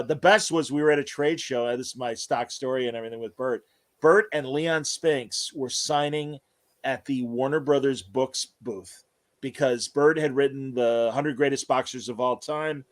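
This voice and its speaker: A man's voice: medium pitch, steady tone, moderate pace. A man hosting a casual interview podcast, telling long rambling anecdotes full of fillers. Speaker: podcast host.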